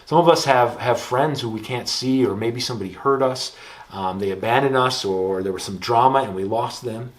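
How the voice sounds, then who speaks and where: A man in his thirties with an Upper Midwest American accent, preaching a campus ministry sermon in a relaxed storytelling way. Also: medium pitch, normal speed. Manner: relaxed storytelling, lively when telling anecdotes.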